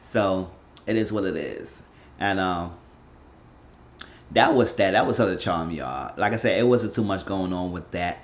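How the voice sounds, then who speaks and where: A man with a very low voice rambles through a casual recap of a reality show, slipping into quoted voices as he retells scenes. The recording is dull and lo-fi, with a faint hiss of noise behind him. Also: lively intonation, measured pace, pauses often. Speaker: YouTube recap host.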